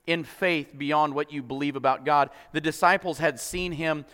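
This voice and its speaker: A man's voice: fairly high pitch, fairly even intonation, moderate pace, sharp tone. A man preaching a sermon as pastor, often repeating words as he starts sentences and building in intensity. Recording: long reverb of a hall.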